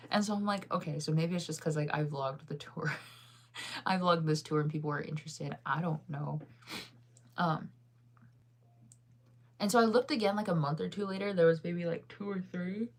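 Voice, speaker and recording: A tired woman in her thirties with a lowish voice reads live chat as a vlogger, rambling casually and saying "like" a lot between yawns. She talks at normal speed and pauses often.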